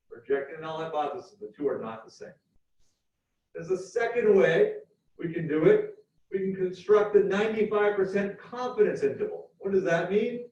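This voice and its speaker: A man lecturing a university class, explaining step by step and repeating key points slowly. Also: sits high, a little mellow. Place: lecture hall. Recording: echoey hall from far off, dull.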